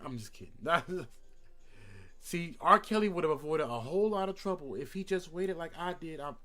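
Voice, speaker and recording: A man's voice: on the high side, animated, moderate pace, pushed and bright. A young man streaming a game, chatting casually with slang and jokes. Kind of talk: casual gameplay commentary.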